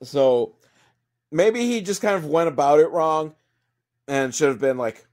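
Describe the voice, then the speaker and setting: A man's voice: on the high side, measured pace, pauses often, a little mellow. Rambling, profane man riffing sarcastically. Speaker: comedic movie reviewer. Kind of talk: sarcastic movie recap monologue.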